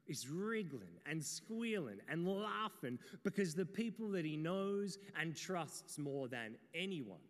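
A man preaching a sermon, telling stories and speaking straight to his listeners. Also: fairly high pitch. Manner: storytelling, animated, addresses the audience directly. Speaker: pastor. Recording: long reverb in a hall.

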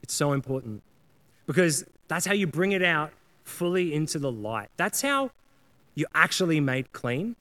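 A man's voice: fairly high pitch, very animated, moderate pace, bright, forceful tone. A man preaching a sermon in a casual, earnest way, often acting out prayers and apologies in quoted voices. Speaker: pastor.

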